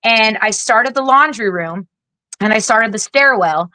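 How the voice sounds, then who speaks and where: Blunt, profane woman with a bright voice. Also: fairly high pitch, lively intonation, no echo, low-quality recording. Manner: blunt, heavily profane, rapid-fire venting. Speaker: guest, Air Force veteran. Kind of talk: candid podcast storytelling.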